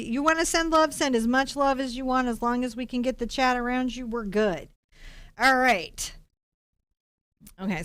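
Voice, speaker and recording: Brief: middle-aged American woman, chatty painting teacher on a live stream, smooth fairly high voice, dry close sound. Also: no echo. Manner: chatty, animated, warm asides to chat viewers.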